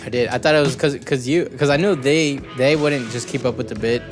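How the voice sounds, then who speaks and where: A man's voice: mid-range voice, a little fast, music in the background. A man co-hosting a podcast in casual chat over a voice call, laid-back and dry. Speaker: podcast co-host. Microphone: desktop mic on voice call.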